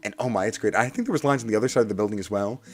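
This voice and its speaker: A man telling a story to his stream in a casual, excitable way, swinging from hushed asides to loud, theatrical bursts and repeating lines for effect. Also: lowish voice, very fast. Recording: faint music behind the voice.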